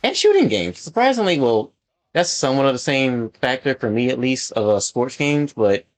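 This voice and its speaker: A man's voice: medium pitch, moderate pace. Rambling, casual male gamer. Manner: rambling, filler-heavy, animated when annoyed. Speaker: gaming channel host. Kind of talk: casual gameplay commentary.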